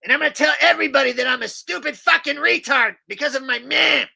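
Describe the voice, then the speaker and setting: A man voicing Cartman, a bratty, foul-mouthed cartoon schoolboy who whines and throws shouting tantrums. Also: extremely high pitch, fast, creaky, voice pushed up, exaggerated voice.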